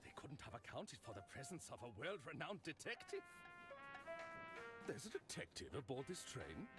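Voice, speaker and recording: An actor playing an excitable, theatrical male train passenger in a video game. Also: mid-range voice, moderate pace, lightly acted. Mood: dramatic. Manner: theatrical, exclamatory. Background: loud brass game music.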